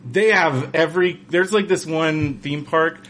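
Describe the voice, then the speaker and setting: A man's voice: fairly high pitch, measured pace, a bit bright. A man co-hosting a casual chat in a laid-back way, relaying questions from viewers.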